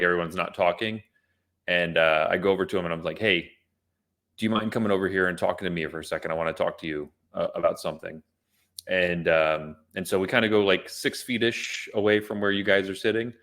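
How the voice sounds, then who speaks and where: A man's voice: sits low, fairly bright tone. A man co-hosting a podcast, telling a story in casual chat with many restarts and fillers. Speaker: podcast co-host.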